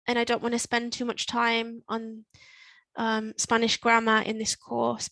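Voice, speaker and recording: Woman, Spanish teacher, patient and slow, fairly high voice, steady and flat in tone, dry close sound. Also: no room sound. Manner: patient, explains step by step, repeats words slowly. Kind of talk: online language lesson. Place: in Spain.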